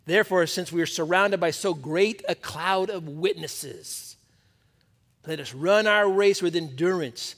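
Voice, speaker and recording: A male pastor giving a sermon to a men's Bible study, preaching in a conversational, emphatic way that drops to a hush at times. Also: sits high, a little slow.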